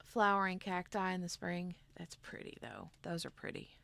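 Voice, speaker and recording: A woman's voice: lowish voice, sing-song, moderate pace, gravelly, a bit bright. A woman hosting a casual craft livestream, chatting in a rambling way and reading out viewer comments. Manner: rambling, chatty, reads chat aloud. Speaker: craft channel host.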